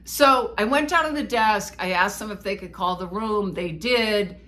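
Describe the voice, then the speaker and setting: A woman co-hosting a podcast, telling a personal story in an animated, self-mocking way. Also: medium pitch, normal speed. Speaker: podcast co-host. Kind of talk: casual storytelling chat.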